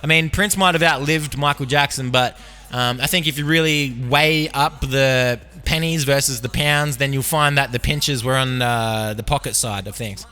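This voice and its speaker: A man's voice: medium pitch, normal speed, sharp tone, clear, resonant tone. A man with an Australian accent hosting a podcast, rambling through absurd tangents with lots of fillers. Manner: absurd, meandering, filler-heavy. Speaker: podcast host. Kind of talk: rambling comedic monologue.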